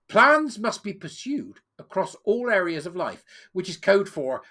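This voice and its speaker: A man's voice: sits high, sing-song, unhurried, fairly bright tone. A British man reading out a policy report and breaking off into sarcastic, scornful commentary. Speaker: political commentator. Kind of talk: reading news and ranting commentary.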